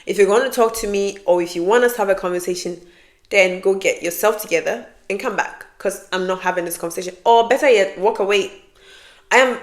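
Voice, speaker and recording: A woman vlogger giving frank relationship advice to her viewers in a casual, emphatic way, often repeating herself for emphasis and laughing. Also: on the low side. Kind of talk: casual advice talk to camera.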